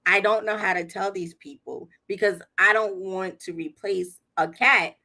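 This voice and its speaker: A woman's voice: medium pitch, fairly even intonation, a little slow, pushed and bright. A woman hosting a livestream, telling a story casually, laughing often and acting out what people said. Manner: chatty, laughs often, acts out quotes. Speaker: livestream host.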